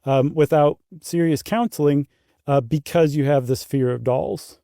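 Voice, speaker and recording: A man's voice: a little high, measured pace, creaky, warm tone, no room sound, studio quality. A man co-hosting a podcast, chatting casually with an easygoing manner. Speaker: podcast co-host. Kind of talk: casual chat.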